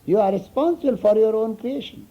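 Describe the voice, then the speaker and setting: A male spiritual teacher talks to his students in a very deep, mellow and husky voice. He teaches through anecdotes and often checks that his listeners follow. The recording is dull and lo-fi. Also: brisk. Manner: storytelling, chuckling, asks listeners "you understand?". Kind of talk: informal spiritual talk to students.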